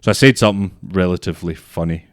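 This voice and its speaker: A man's voice: low voice, fast talker, dry recording, clean studio sound. A young man co-hosting a podcast, telling stories bluntly and swearing freely. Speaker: podcast co-host. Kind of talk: casual chat.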